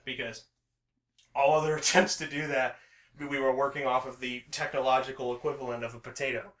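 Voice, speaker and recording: A man's voice: medium pitch, a bit bright. Rambly man chatting in an echoey room. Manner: rambling, many restarts and "like" fillers. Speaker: podcast co-host. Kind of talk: casual chat.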